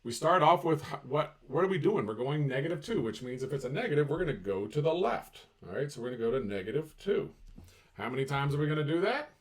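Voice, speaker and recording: A man's voice: a little high, fast, far from the mic. A man presenting an upbeat video math lesson, joking and talking straight to his viewers. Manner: energetic, jokey, talks to viewers directly. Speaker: math teacher.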